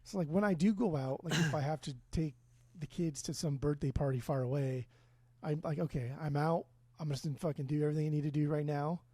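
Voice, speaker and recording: Male co-host, husky and mellow, laid-back teasing, dry close sound. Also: on the high side, a little fast, no echo. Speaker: podcast co-host. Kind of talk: casual podcast chat. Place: remote, own room.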